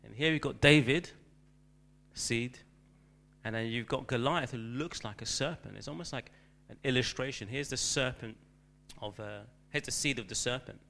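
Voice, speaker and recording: A man's voice: mid-range voice, normal speed, vocal fry, sharp tone. A man preaching a sermon, talking loosely and hesitantly with lots of ums and uhs. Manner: rambling, hesitant with many fillers.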